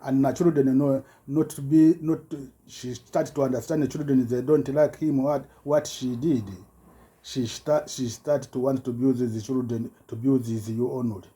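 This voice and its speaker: A man giving a rambling personal account in halting broken English, full of restarts and repetitions, his voice jumping up when he gets agitated. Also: mid-range voice, fairly even intonation, warm tone. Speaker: self-recorded complainant.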